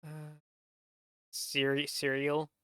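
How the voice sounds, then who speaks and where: A man casually reacting to a video, excitable, swearing and tripping over his words. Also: fairly high pitch, very slow, clean tone, no room sound, studio quality. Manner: excitable, swears, stumbling restarts. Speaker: reaction channel host.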